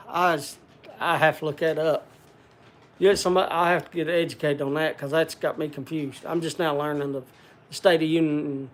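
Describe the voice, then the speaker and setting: A man's voice: fairly high pitch, steady tone, normal speed. An older man hosting a casual livestream, rambling in a folksy country way and answering viewer comments. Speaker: livestream host.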